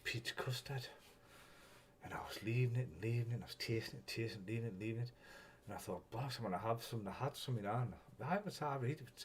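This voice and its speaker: Casual male streamer, lowish voice, rambling and sweary. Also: a little hiss or hum. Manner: rambling, swears freely, chuckles often. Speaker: live-stream host. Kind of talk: casual live-stream chat.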